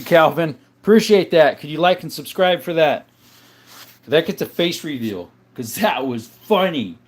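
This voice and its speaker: A man hosting a live stream in a casual chat style, reading out viewer comments and answering them in a relaxed, easygoing way. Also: medium pitch. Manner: relaxed, with frequent uh and um.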